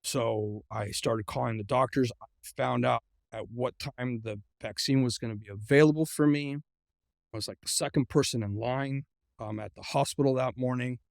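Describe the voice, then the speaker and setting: A middle-aged man as an interview guest, earnestly recounting a personal ordeal, often halting and repeating words as he speaks. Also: medium pitch, steady tone, vocal fry, no room sound, studio quality. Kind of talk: personal storytelling in a conversation.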